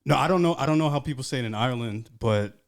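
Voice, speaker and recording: A man co-hosting a casual podcast. He tosses in wry, dismissive teasing, and his voice sits at a middle pitch. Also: animated, quick pace, gravelly. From New York.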